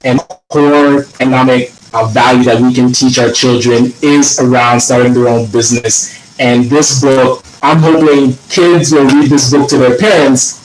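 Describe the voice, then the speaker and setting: A man presenting a children's book reading over a video call, introducing it casually and gently cueing a young reader. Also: mid-range voice. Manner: relaxed, encouraging, guiding a young reader with short cues. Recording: echoey room with noticeable background noise.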